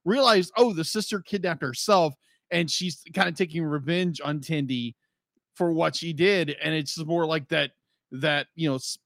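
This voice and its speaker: Excitable gravelly-edged high-voiced man. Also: moderate pace, dry recording, clean studio sound. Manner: excitable, laughs often, gushes. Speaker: podcast co-host. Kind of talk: casual review chat.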